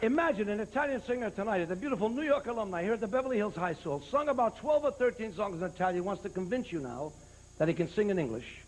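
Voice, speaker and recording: A man, a stand-up comedian, talking to a live audience with quick, joking asides. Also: high voice, lively intonation, slight background noise, low-quality recording. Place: live stage show with a band.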